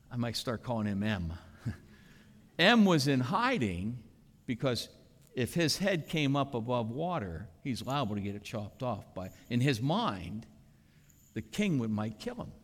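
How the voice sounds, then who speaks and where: Male preacher with an animated, swooping delivery, heard in a big echoing sanctuary. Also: mid-range voice, measured pace. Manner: animated preaching with dramatic emphasis. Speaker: pastor. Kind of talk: sermon. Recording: reverberant hall.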